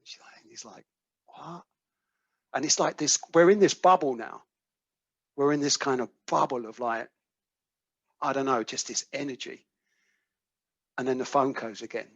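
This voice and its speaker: A man's voice: mid-range voice, normal speed, pauses often, fairly bright tone, no room sound. British man telling a gripping story. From United Kingdom. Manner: vivid storyteller who acts out quoted dialogue, swears casually. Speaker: recovery workshop speaker. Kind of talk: personal storytelling talk. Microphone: video call microphone. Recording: dull, lo-fi call audio.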